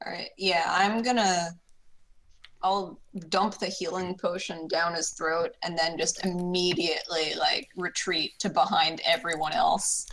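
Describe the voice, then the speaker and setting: A young woman playing a tabletop game, chatty and quick to say "like". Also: fairly low pitch, fairly even intonation, a bit bright, a little hiss or hum, low-quality recording. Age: young adult. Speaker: player. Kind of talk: casual tabletop role-play.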